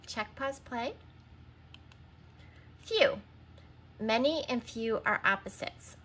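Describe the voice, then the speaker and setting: In a recorded lesson, a woman teaches young children to read, sounding out words and spelling them letter by letter at a slow, unhurried pace. Her voice is bright, a little high, expressive and slightly rough, and she patiently prompts listeners to pause and answer.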